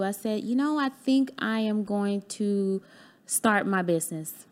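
A woman's voice: mid-range voice, unhurried, a little mellow. A woman guest on a podcast candidly recounting a personal experience, acting out remembered conversations in a heartfelt, earnest way. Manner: candid, acts out remembered dialogue. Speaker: podcast guest, business owner. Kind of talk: personal storytelling in a podcast interview.

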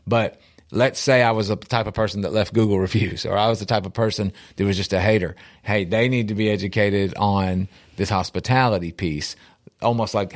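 A man talking as a guest on a talk show, animated and telling stories with easy laughs. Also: on the low side, fairly quick. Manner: animated, storytelling, laughs easily. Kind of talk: casual talk-show conversation.

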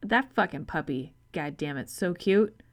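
A woman co-hosting a casual film podcast, trading quick, profane reactions and laughing easily. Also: lowish voice, lively intonation. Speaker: podcast co-host. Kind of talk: casual film-review chat.

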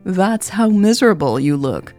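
A woman voicing a frank, caring young woman who teases her sister and presses her gently. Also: medium pitch, very animated, normal speed, faint music behind, voice pushed up, close to an everyday voice. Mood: teasing. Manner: teasing, frank, gently insistent.

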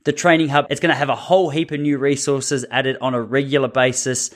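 A man's voice: mid-range voice, little pitch movement, brisk. A man hosting a running podcast, upbeat and chatty, joking with his guest. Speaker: podcast host. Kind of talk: casual podcast chat.

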